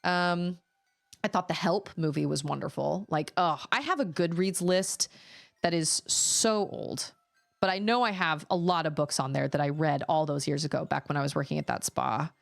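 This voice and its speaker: A woman's voice: sits low, moderate pace, vocal fry. A woman streamer chatting casually and rambling about the books she loves. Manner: chatty, rambling, animated when telling stories. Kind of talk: casual chat.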